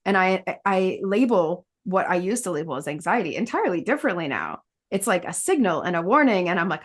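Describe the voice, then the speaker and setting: A woman's voice: mid-range voice, big pitch swings, a little fast, hardly any pauses. A woman talking candidly in a podcast conversation, rambling with fillers and restarts and laughing often mid-sentence.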